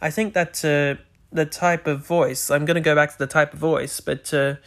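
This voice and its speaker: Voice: medium pitch, steady tone, normal speed. A podcast host talking alone into a microphone, rambling with many restarts and words that sometimes slur. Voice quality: slightly slurred words. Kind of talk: solo podcast monologue.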